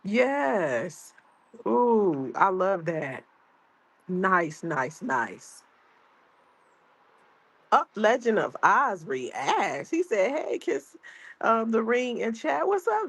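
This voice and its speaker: A woman's voice: medium pitch, sing-song, drawn-out words, long pauses, husky, no echo. A grandmother streaming casually from home, chatting and reading her chat aloud. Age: older. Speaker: livestream host. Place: outdoors at home.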